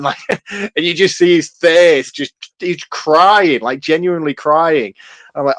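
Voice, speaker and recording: Animated man in his thirties. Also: fairly high pitch, moderate pace, dry recording. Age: 30s. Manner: animated, laughing, swears freely. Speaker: podcast co-host. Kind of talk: casual film-review chat.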